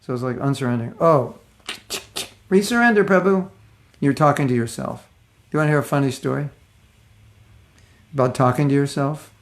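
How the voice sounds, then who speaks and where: Gravelly older man giving a casual spiritual class. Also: medium pitch, level tone, a little fast, pauses often. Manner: conversational storytelling, acts out voices of people in his stories. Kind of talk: casual devotional lecture.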